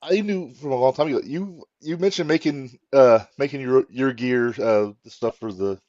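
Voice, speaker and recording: A man's voice: mid-range voice, moderate pace, darkish tone, dry recording. A man co-hosting a podcast, asking a guest questions in a hesitant way with many fillers. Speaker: podcast co-host. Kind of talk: casual podcast interview. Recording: dull lo-fi podcast audio.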